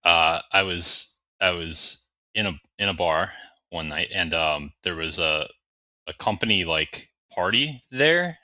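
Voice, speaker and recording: An easygoing man from Maryland, a podcast guest, sharing anecdotes. His voice is very deep yet edged and forceful in tone. It is recorded dry and close. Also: lively intonation, slow, no echo. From Maryland, USA. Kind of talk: casual podcast chat.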